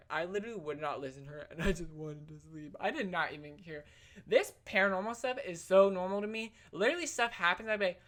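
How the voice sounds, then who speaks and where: A woman's voice: on the low side, fast talker, fairly bright tone. A young adult woman telling stories for her vlog in a chatty, slangy way, full of "like" and "literally". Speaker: vlogger. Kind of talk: casual storytelling vlog.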